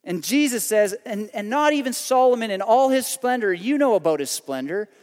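A man with a high-pitched voice preaches a sermon, talking casually and tossing in asides and rhetorical questions. His voice rings out with a long reverb, as in a large hall. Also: expressive, normal speed, a little mellow. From Canada. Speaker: pastor.

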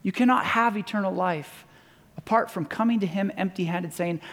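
A man's voice: high-pitched, very animated, normal speed, fairly bright tone. A man pastor giving a sermon, telling stories in a conversational way and acting out the voices of the people he quotes. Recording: long hall reverb.

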